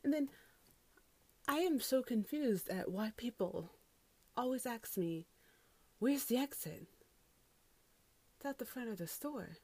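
A woman's voice: on the high side, animated, measured pace, pauses often, mellow, slightly rough, no room sound. A woman who works as a grocery cashier, ranting casually about customers from inside a closet, exasperated and incredulous and swearing freely.

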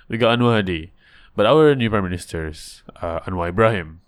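A man's voice: lowish voice, lively intonation, moderate pace, fairly bright tone, clean tone. A man giving a casual, upbeat podcast introduction, full of fillers and plugs for an upcoming show. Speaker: podcast host.

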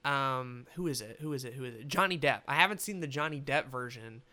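A man's voice: medium pitch, lively intonation, a little fast, sharp tone. A young man giving a rambling, casual movie review, swearing freely and talking with animation. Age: young adult.

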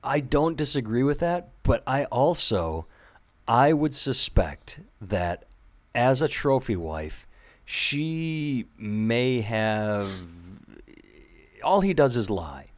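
A man in casual podcast chat, rambling and animated, swearing freely. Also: medium pitch, takes it slowly.

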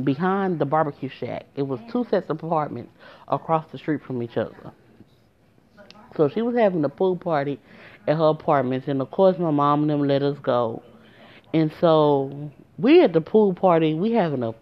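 A woman telling a personal story to her viewers in a casual, emotional way, talking straight to them. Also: low voice. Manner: emotional, conversational, addresses viewers directly. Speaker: storyteller vlogger. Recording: dull lo-fi recording.

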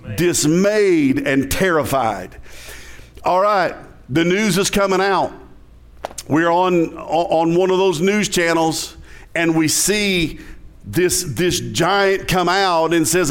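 A man's voice: a little high, slow pace. Man with a Southern lilt preaching a sermon. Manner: conversational preaching, chuckles, asks the congregation questions. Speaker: pastor.

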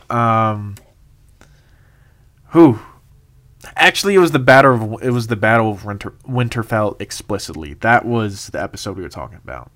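A young man with a somewhat low voice tells a story in a loose, rambling way. He laughs often and stops for plenty of "uh"s and "um"s as he goes. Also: animated, moderate pace, pauses often, fairly bright tone. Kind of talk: casual storytelling monologue.

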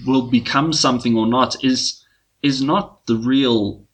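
A man's voice: medium pitch, unhurried, slightly rough. A man co-hosting a casual podcast, talking in an easygoing, rambling way with frequent restarts. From South Africa. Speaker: podcast co-host.

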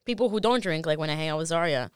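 A woman's voice: deep voice, lively intonation, racing, clear, resonant tone, no echo, clean studio sound. A young woman co-hosting a podcast, chatting frankly and swearing freely, with many "like"s. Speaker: podcast co-host. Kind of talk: casual chat.

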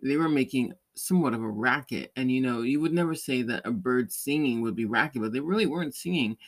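A man's voice: mid-range voice, fairly quick. A man hosting a podcast, telling a rambling story in casual chat, with many restarts and light laughs. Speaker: podcast host; parent or caregiver.

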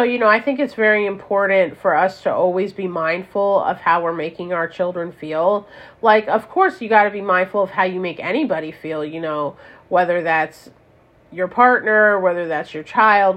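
A woman talks openly and at length on her own podcast, leaning on "like" and "you know" as she goes. Her voice sits on the lower side. The sound is a little muffled and lo-fi. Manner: candid, rambling, many "like" and "you know" fillers. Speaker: podcast host and parent. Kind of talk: casual solo podcast talk.

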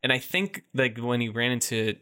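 A man in casual chat, retelling a story in a loose, rambling way, full of "like" and "you know", and breaking into animated voices for the people in it. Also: mid-range voice, moderate pace, clean tone.

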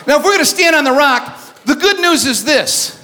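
High, bright-voiced male preacher. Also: moderate pace, some chatter behind, slight background noise. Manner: animated comic storytelling with call-and-response. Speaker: youth event speaker. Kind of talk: humorous sermon to a live audience.

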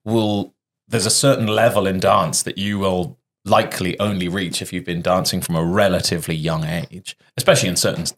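A man hosting a podcast in a relaxed, reflective way, with a softened British accent. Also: sits low, brisk. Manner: reflective, laughs along, lively when joking. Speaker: podcast host. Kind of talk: casual podcast chat.

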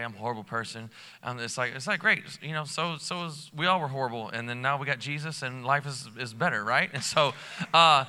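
Man, lead pastor, live sermon, casual rambling delivery, very bright tone, long church-hall reverb. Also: medium pitch, smooth. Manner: casual, rambling, energetic with many fillers. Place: large church auditorium.

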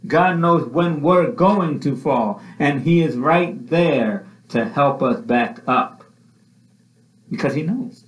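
A man's voice: a little high, lively intonation, slow pace. A man preaching a sermon with passion, repeating his phrases as his voice rises and falls. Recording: echoey room, dull lo-fi sound.

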